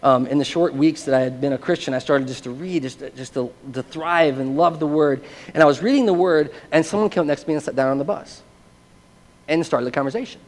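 A man's voice: a little high, fairly quick. Earnest male pastor in a reverberant church. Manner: earnest, conversational, often asks listeners "right?". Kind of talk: sermon with personal testimony.

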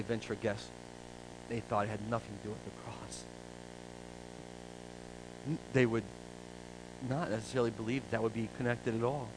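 A male pastor preaching a conversational sermon, dropping to a hush and rising to loud emphasis. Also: fairly low pitch, background noise.

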